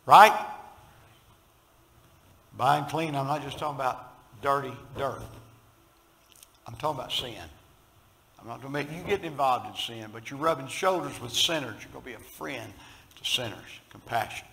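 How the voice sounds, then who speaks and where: A man with a Southern US accent preaching a sermon as pastor, swinging from loud emphasis to hushed storytelling and calling on the congregation to respond. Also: mid-range voice, normal speed, vocal fry, pauses often, a little hiss or hum, rough recording.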